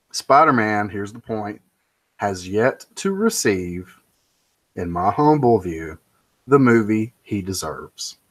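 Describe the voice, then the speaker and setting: A man's voice: lowish voice, big pitch swings, takes it slowly, long pauses. A man giving an opinionated, rambling monologue, emphatic and prone to ranting. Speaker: pop culture commentator.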